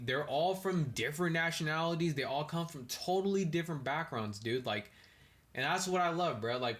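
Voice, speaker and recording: A young man hosting a podcast alone, rambling in a casual, profane monologue full of "bro" and "dude." He is high and keeps wandering off on ranting tangents. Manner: ranting, animated bursts. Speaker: podcast host.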